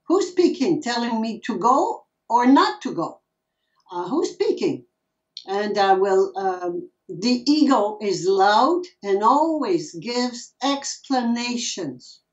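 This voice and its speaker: A woman giving a reflective spiritual talk and answering questions, soft-spoken, often searching for words and repeating herself. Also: on the high side, big pitch swings, slow, far from the mic, low-quality recording. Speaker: spiritual speaker.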